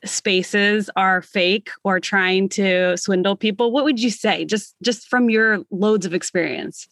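A woman hosting an interview, chatty and quick to laugh. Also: medium pitch, steady tone, a bit bright, no room sound, clean studio sound. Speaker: podcast host interviewer. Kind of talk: interview conversation.

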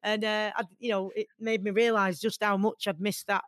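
A woman in her forties with a Mancunian accent, from Manchester, talking as an interview guest in an earnest, animated way. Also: mid-range voice, moderate pace, no echo, studio quality. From Manchester, England. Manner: earnest and animated, many fillers. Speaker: guest, boxer. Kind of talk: conversational interview.

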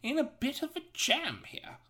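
A man's voice: very high voice, wildly swooping pitch, normal speed, bright, forceful tone, voice pushed up, exaggerated voice. A man voicing a young male fox sidekick in a put-on posh British accent, fussy and pleading.

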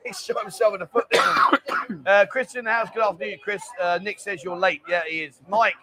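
A man's voice: sits high, fairly even intonation, very noisy. A hungover man from London with a London accent, co-hosting a casual livestream, reading viewer comments and joking around. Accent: London English. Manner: jokey banter, quick and chatty. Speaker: co-host of a livestream.

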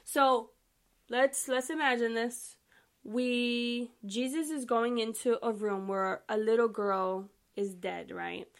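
High-voiced, animated woman reading scripture. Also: takes it slowly. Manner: animated, emphatic and chatty, addressing listeners directly. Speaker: podcast host. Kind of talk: casual Bible reading with commentary.

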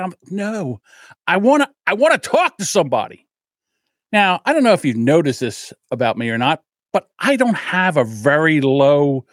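A man with a fairly high voice tells a story on his podcast. His pitch swings a lot as he acts out the voices, and he swears freely. The sound is dry and close. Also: no echo. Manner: swears freely, self-deprecating about his temper. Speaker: podcast host. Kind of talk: casual storytelling monologue.

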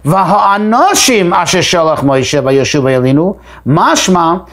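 Man, higher pitch, text study lesson, reads then explains, emphatic rises. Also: a little slow, few pauses. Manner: reads a phrase aloud, then explains it in plain words; repeats words while thinking, lively rises for emphasis. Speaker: Torah teacher.

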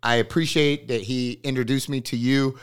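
A man's voice: medium pitch, fairly even intonation, normal speed, clean tone. A man hosting a podcast, speaking earnestly and gratefully to his guest in a studio. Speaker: podcast host. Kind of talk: casual interview chat.

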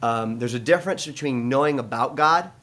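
A man's voice: mid-range voice, a little fast, fairly bright tone. A middle-aged man from the United States tells his own story with a pastor's earnestness. His voice sits in an ordinary middle range. He talks conversationally, often stopping to restart a thought, with plenty of fillers. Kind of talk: conversational testimony in an interview.

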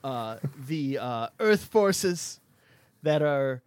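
A man's voice: mid-range voice, animated, very slow, clean tone, no echo. A man playing a comedic party game, joking and self-deprecating in casual banter. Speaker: game player.

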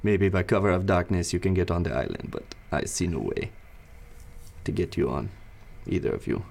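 A man serving as game master, narrating a tabletop game and voicing its characters in a measured, deliberate way. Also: sits low, expressive, gravelly, a little mellow, a little hiss or hum.

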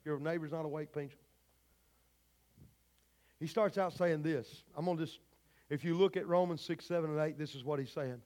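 On the high side and fairly quick, this pastor's darkish voice carries a fervent, folksy sermon. He talks straight to the folks in the pews during a church service.

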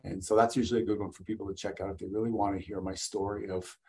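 A middle-aged man from Canada, a guest and event speaker, talking in a blunt, energetic, salesman-like way in a casual interview. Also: on the low side, racing, vocal fry, a little hiss or hum, rough recording.

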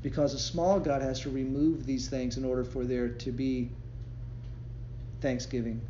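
A devotion speaker with a warm, medium-pitched voice preaches at a moderate pace with a flat delivery. He keeps it conversational, telling stories and laughing. Slight background noise sits in a roomy, slightly dull recording with faint ambience.

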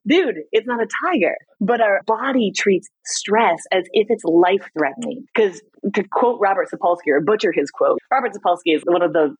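A middle-aged woman, a podcast guest, telling personal stories in a candid, animated way, laughing often. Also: mid-range voice, moderate pace, few pauses, slightly rough, no echo, poor audio. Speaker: podcast guest, stress expert. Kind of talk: candid conversational storytelling.

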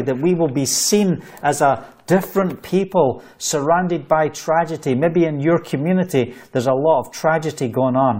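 A man's voice: a little high, darkish tone. A man preaching an online sermon, fervent and repetitive, reading scripture aloud between his own exhortations. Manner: fervent, repeats phrases, reads scripture aloud.

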